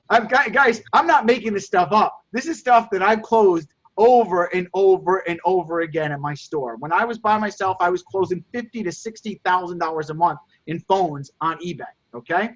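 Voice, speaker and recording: An energetic male sales coach with a high voice who keeps repeating his key points. The recording sounds dull and lo-fi. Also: moderate pace. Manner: energetic and repetitive, addresses listeners as "guys". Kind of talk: coaching call to course members.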